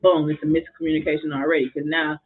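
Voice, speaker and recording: Speaking quickly in a low, flat voice, a woman talks about her work as a school drumming therapist and basketball coach. It's a casual podcast conversation, and she's passionate and expressive despite the tinny, phone-like audio.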